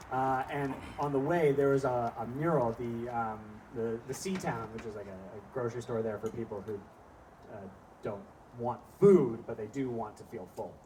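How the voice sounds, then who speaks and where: A man's voice: mid-range voice, normal speed, a little mellow. A male stand-up comedian performing a live set in a small venue, telling rambling, profane stories full of asides. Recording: distant mic with faint background noise.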